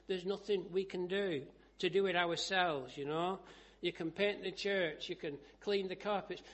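A man preaching a sermon, telling stories and rising to loud, emphatic scripture reading. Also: high-pitched, normal speed, hardly any pauses.

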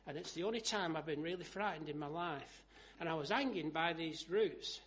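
A man preaching a sermon, telling stories and rising to loud, emphatic scripture reading. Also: a little high, moderate pace.

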